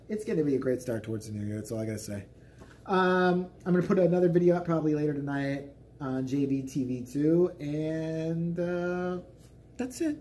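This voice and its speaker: A man's voice: a little high, expressive, normal speed, darkish tone, a little hiss or hum. A man in his forties telling a story as a vlogger, in a profane, exasperated, ranting way. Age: 40s.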